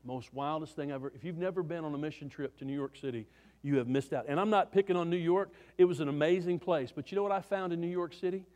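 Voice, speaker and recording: Male preacher, high-pitched, folksy sermon storytelling with restarts, reverberant hall. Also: fast, darkish tone.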